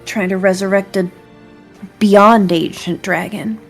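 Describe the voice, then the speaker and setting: A woman's voice: mid-range voice, fairly even intonation, a little slow, creaky, faint music behind. A woman playing a tabletop role-playing game, chatting and plotting in casual talk. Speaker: player.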